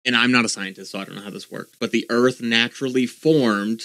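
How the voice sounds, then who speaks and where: A man's voice: mid-range voice, steady tone, fairly quick, bright, forceful tone, no room sound. A man co-hosting a casual podcast, thinking aloud and reading bits of articles as he talks. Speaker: podcast co-host. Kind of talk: casual chat.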